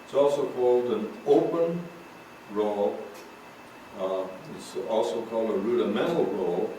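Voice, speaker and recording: Drum teacher in a roomy, echoey room. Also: male voice, lowish voice, unhurried, dark tone. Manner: calls out stickings while playing. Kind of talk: recorded drum lesson, talking between demonstrations. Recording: roomy echo, far from mic, noisy.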